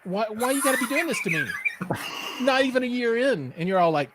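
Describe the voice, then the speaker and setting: A man's voice: very high voice, a little fast, noisy background. A man co-hosting a casual live-streamed chat, telling stories animatedly, acting out quotes and using lots of fillers. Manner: animated storyteller, acts out quotes, many fillers. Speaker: podcast co-host.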